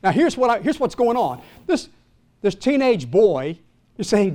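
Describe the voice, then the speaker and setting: Older male pastor, high-pitched, dramatic sermon delivery, rises loud and drops to a hush, quizzes the congregation. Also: very animated, a little slow. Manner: dramatic preaching, swinging from loud to hushed; asks the congregation questions.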